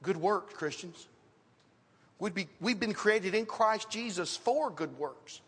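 Male preacher, high-pitched and lively, telling church stories, heard in a reverberant sanctuary. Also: slow, slightly rough. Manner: animated storytelling with scripture quotes. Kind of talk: sermon. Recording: reverberant hall.

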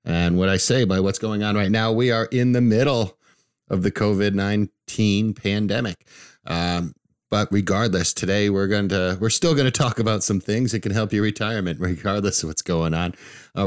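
Low-voiced male host, casual and chatty, dry studio mic. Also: clean tone, no room sound. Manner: chatty, restarts often, laughs easily. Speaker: financial radio show host. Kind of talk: casual radio talk.

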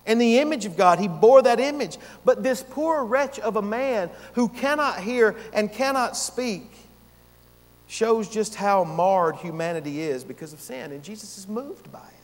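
A man with a high-pitched voice preaching a sermon, leaning hard on key words and then dropping soft. He pauses for effect and swings his loudness widely. His voice carries a long reverb, as in a large church hall. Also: expressive. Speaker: pastor.

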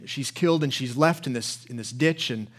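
A man's voice: mid-range voice, normal speed. A male pastor preaching a sermon, telling stories with rising passion and often repeating words as he builds. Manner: impassioned storytelling, repeats words when worked up.

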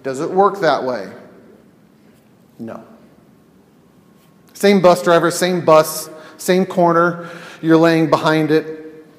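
Speaking slowly with long pauses, a man with a somewhat high voice counsels listeners on a teaching podcast. He keeps it conversational, telling scenarios and tossing out rhetorical questions, all in an echoey space with long reverb.

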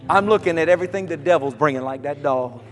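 Man, pastor preaching, high voice, swings from hushed to shouting, long hall reverb, faint music behind. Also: fast talker. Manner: dramatic swings from soft to shouting. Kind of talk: sermon.

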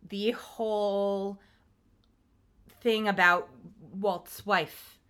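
A woman co-hosting a casual TV recap podcast, talking animatedly, swearing and acting out scenes in quick quoted asides. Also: medium pitch, fairly even intonation, pushed and bright, smooth. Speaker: podcast co-host.

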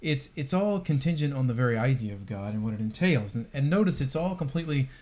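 A man's voice: mid-range voice, lively intonation, fast, a little mellow. A man co-hosting a podcast, talking through philosophy in a thoughtful, wry way with many restarts. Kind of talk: casual discussion of apologetics.

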